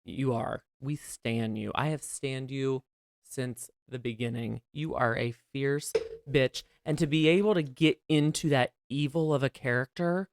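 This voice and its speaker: A man's voice: medium pitch, a little slow, gravelly, no echo. An American man from West Virginia hosting a podcast in casual chat, gushing and theatrical. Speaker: podcast host.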